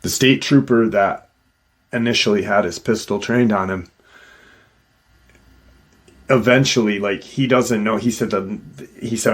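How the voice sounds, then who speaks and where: Male storyteller, low voice, slow unhurried delivery, casual and halting. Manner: halting, with many restarts and fillers. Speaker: host retelling an encounter.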